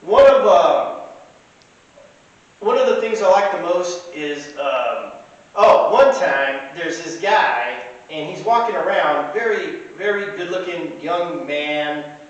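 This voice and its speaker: A man's voice: on the high side, animated, slow pace, muffled recording. Rambling man in an echoey room. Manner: rambling, chatty. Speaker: storyteller. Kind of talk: casual anecdote telling. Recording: echoey room, distant mic, faint hiss.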